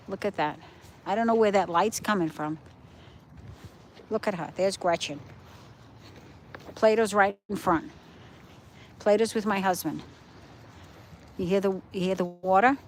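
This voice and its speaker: This time the middle-aged host's voice is mid-range, picked up roughly by the phone she carries on a nighttime dog walk by the ocean, with slight background noise. She keeps up a chatty livestream for her viewers, drawing their attention to things around her.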